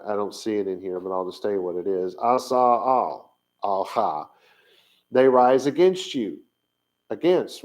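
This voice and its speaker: An unhurried man explaining words to the camera in an everyday teaching talk. He thinks aloud, pauses often and trails off while checking his notes, then picks the thread back up in a plain, average-pitched voice. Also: darkish tone, poor audio. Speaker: Bible language teacher.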